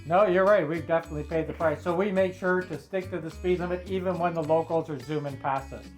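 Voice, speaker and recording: Relaxed man explaining travel tips. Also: on the high side, fast talker, soft background music. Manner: relaxed, explanatory, a bit rambling. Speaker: travel vlogger co-host. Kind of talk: casual travel tips chat.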